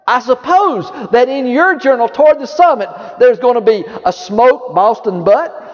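A man preaching a sermon, lively, dropping low and soft when quoting. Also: moderate pace. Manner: lively preaching, drops low and soft for quoted words of Jesus. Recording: dull reverberant hall sound.

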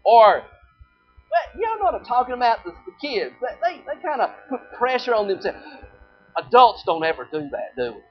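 Animated preacher, dull lo-fi recording. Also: medium pitch, moderate pace, husky. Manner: rhetorical questions, repeated phrases; quotes scripture in old-fashioned wording. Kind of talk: sermon. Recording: dull lo-fi recording with faint music.

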